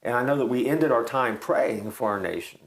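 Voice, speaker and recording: Male co-host, reflective and halting, gravelly texture. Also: medium pitch, a little hiss or hum, poor audio. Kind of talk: casual chat.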